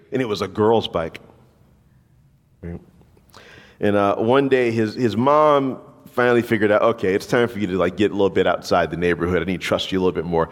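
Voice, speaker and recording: A man's voice: fairly low pitch, fairly even intonation, a little fast, big-room sound. A man preaching a sermon, telling a story and acting out the voices of the people in it. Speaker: pastor.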